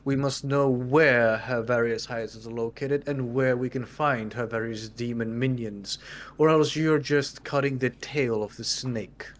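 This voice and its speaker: A man's voice: mid-range voice, fairly even intonation, lightly acted. A man playing a formal, authoritative adventurer. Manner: formal, deliberate speechmaking.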